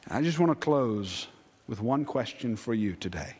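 A man preaching a sermon as pastor, earnest, dropping to hushed low lines and rising to emphatic ones. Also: lively intonation, moderate pace, slightly rough. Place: church sanctuary. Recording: long church hall reverb.

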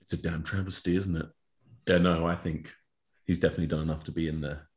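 Male co-host, very low voice, relaxed and blunt. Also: quick pace. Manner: laid-back, blunt banter. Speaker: co-host, rugby prop. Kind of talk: casual chat.

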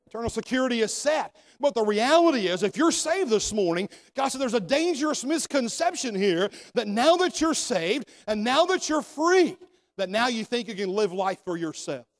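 Man, high voice, pastor, sermon, calls for amens, church sanctuary. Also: big pitch swings, moderate pace. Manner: preaching with rising emphasis, calls for amens. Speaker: senior pastor.

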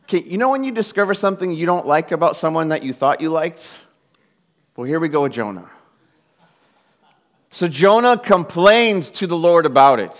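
A male pastor preaches in a lively, casual tone, keeping his delivery conversational and peppered with humor. His voice sits a bit higher than most men's. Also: normal speed, pauses often. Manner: animated, jokey, conversational preaching. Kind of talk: sermon.

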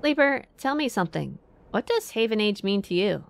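A woman's voice: medium pitch, sing-song, moderate pace, gravelly, a little hiss or hum, voice pushed up. A woman voicing a cautious counselor woman who speaks in a tight, careful, slightly nervous way. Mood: guarded.

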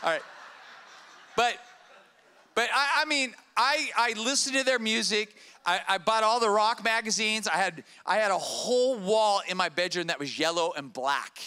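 Bright-voiced, excitable middle-aged male pastor. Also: high voice, normal speed, smooth. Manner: animated, repeats words and checks in with "all right?". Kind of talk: storytelling sermon. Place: church stage before a congregation.

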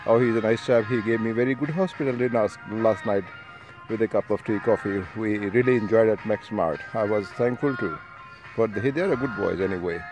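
This man talks fairly quickly in a fairly low voice, with music playing underneath. Outdoors on his travels, he records a rambling, casual vlog for an online speaking group, chatting to listeners individually and tossing in plenty of tag questions.

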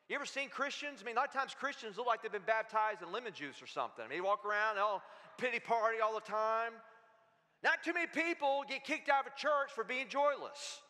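High, bright-voiced animated preacher man. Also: in a large hall. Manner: animated, humorous preaching with call-and-response. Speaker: pastor. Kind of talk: sermon. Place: church sanctuary.

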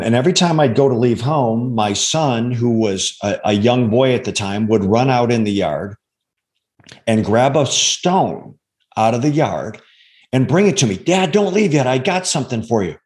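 A man in his sixties, a former undercover agent as interview guest, telling a personal story in a halting, earnest way with many restarts. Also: mid-range voice, animated, darkish tone. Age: 60s.

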